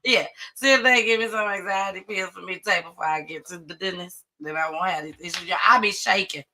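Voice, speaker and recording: Bright-voiced woman hosting a live show. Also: lowish voice, brisk. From Atlanta area. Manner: chatty, animated, greets viewers by name. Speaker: host of a live online gossip and news show. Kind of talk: casual live-stream commentary.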